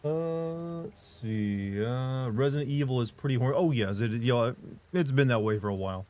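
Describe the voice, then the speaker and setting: Speaking at a moderate pace in a mid-range, darkish voice, this young man rambles through a casual live stream. He cracks jokes about his aching arms and reads the chat out loud.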